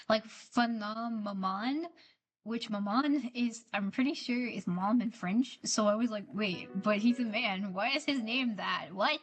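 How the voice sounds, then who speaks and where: A woman's voice: a little high, a little slow, slightly rough, faint music behind. A woman streaming a game, chatting casually and gushing over the characters, often repeating herself. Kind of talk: casual gameplay commentary.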